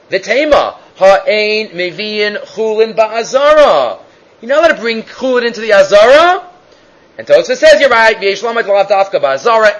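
A man with a high voice gives a Talmud lecture. He talks in an animated way, stops and restarts now and then, and puts on raised voices for the quotes. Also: lo-fi sound. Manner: halting with fillers and restarts. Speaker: Talmud teacher.

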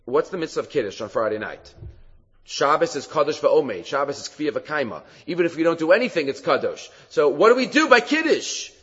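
A man giving a Talmud class lecture, animated and often halting to restart his phrases. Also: a little high, slightly rough. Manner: animated, acts out quoted rabbis in a raised voice; halting, with many fillers and restarts. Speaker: Talmud teacher. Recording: reverberant hall, dull lo-fi sound.

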